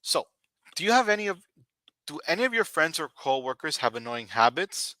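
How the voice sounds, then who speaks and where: A man teaching an English conversation lesson, slowly repeating each question and model answer. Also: on the high side, big pitch swings, pushed and bright, dry recording.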